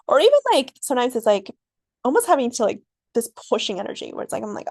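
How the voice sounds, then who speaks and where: A woman hosting her own podcast, reflecting out loud in a rambling way, full of fillers and frequent laughs. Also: a little high, sing-song, quick pace, breathy edge, dry recording. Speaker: podcast host. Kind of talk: reflective solo podcast monologue.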